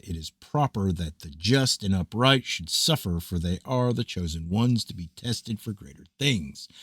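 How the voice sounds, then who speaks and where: A man with a deep voice reads an ancient scripture aloud, slow and grave like a prophet's address. His delivery is measured and declamatory. The sound is dry, with no room echo. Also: slightly rough. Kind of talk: solemn scripted reading of scripture.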